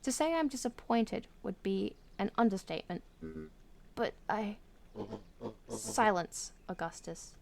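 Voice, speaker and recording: A woman's voice: medium pitch, expressive, creaky, slight background noise. Australian woman doing Sharper, a gloating villain bird. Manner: theatrical, sneering, slow and grand. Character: pompous villainous old male bird, gloating and cruel.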